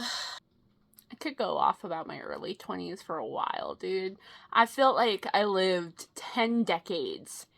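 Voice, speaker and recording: A young woman in her twenties telling a rambling personal story in a casual vlog, animated and quick to swear, with lots of fillers. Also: mid-range voice. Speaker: vlogger.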